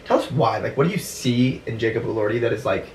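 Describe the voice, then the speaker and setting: A man's voice: mid-range voice, fast, darkish tone. A man hosting a podcast in a casual joking chat, teasing and crude, laughing often. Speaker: podcast host. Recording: roomy, distant mic with faint noise.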